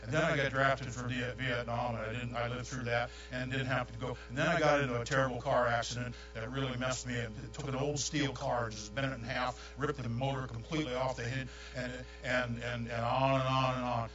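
An older man, preaching a sermon with folksy, animated storytelling. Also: medium pitch, brisk, hardly any pauses, recorded from a distance. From New York. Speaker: pastor. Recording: echoey room, dull sound, mains hum.

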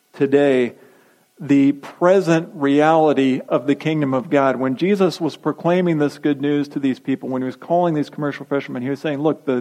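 A man's voice: fairly high pitch, a little mellow, poor audio. Man preaching with emphatic repetition. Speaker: pastor. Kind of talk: sermon.

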